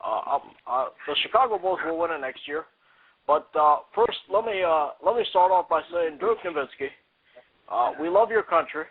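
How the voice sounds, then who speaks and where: A man impersonating a male president giving a halting, mock-formal speech full of pauses, as a comedy podcast bit. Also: a little high, lively intonation, slightly rough. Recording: tinny phone-like lo-fi audio.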